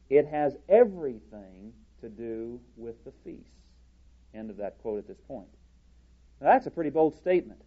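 A man preaching a sermon from a church podium, deliberate and halting, with frequent restarts. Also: on the high side, highs cut off.

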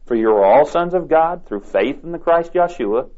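A man preaching a sermon, reading scripture aloud with deliberate emphasis. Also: a little high, animated, a little mellow. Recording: dull lo-fi tape recording.

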